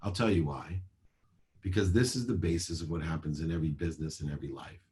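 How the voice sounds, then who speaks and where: Deep-voiced man giving a motivational talk. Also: dark tone. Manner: measured, emphatic, list-like delivery. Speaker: motivational speaker. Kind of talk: motivational talk on a video call. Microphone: video call.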